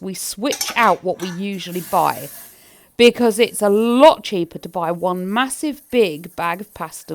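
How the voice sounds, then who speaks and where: A woman chatting to camera while cleaning her house, rambling in a friendly way to her viewers. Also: mid-range voice. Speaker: cleaning vlogger.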